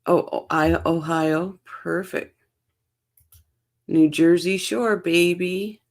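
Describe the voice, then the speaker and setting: A woman's voice: lowish voice, fairly even intonation, slow pace. A woman from Canada hosting a livestream, chatting casually and reading viewer comments aloud. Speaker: livestream host. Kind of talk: casual chat reacting to a live court stream.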